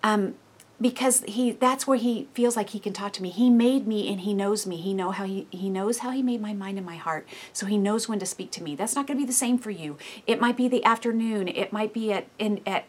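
A woman in her thirties giving a devotional teaching in a lively, expressive way, acting out inner voices and often dropping to soft, hushed tones. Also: medium pitch. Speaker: speaker giving a devotional talk.

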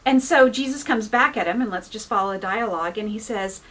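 A woman's voice: medium pitch, fairly quick, hardly any pauses, fairly bright tone. A woman pastor giving an informal, earnest sermon, full of "you know" fillers. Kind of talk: conversational sermon.

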